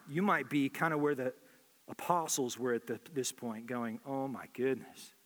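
Earnest pastor preaching in a reverberant hall. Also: male voice, medium pitch, a bit bright. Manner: earnest, repeats phrases for emphasis. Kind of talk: sermon.

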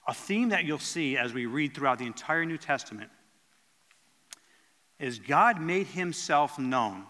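A man's voice: medium pitch, bright, forceful tone, long reverb tail. A man preaching a sermon in an earnest teaching tone, stumbling and restarting as he explains the verses.

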